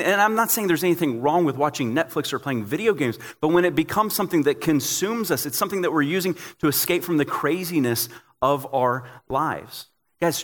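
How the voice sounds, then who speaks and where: A young man, a pastor, preaching a sermon in a relaxed, joking, storytelling way. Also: fairly high pitch, in a large hall.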